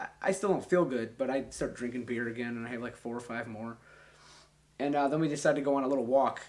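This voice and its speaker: A young man in his twenties telling a long, rambling, profane story in a casual, animated way. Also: mid-range voice.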